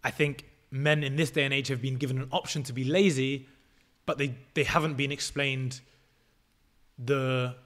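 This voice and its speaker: Young guy on a podcast, mid pitch, sure of himself, swears a lot, breaks stuff down step by step. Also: fairly even intonation, normal speed, fairly bright tone. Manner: assertive, explains things step by step, swears freely. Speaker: podcast guest. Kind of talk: casual podcast interview.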